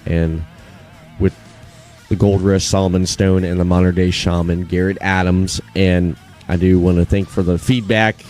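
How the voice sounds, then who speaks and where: A man's voice: deep voice, level tone, normal speed, a little mellow, faint music behind. A man hosting a podcast in casual wrestling chat, easygoing, laughing often and repeating his phrases. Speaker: podcast host.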